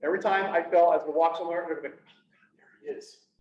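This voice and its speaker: Man, fairly high voice, earnest and halting storyteller addressing a room; recorded from a distance, dull and echoey. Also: fairly even intonation, crowd noise. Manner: earnest, halting, with frequent restarts. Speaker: public speaker on PTSD. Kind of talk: personal storytelling talk. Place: event room, speaking to an audience.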